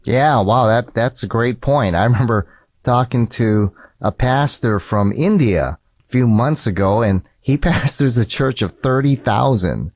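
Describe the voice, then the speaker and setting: An American man hosting a conversation and telling stories in an animated way. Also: mid-range voice, unhurried, no echo. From United States. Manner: animated storyteller. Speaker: host. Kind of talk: conversational interview. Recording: dry, dull lo-fi audio.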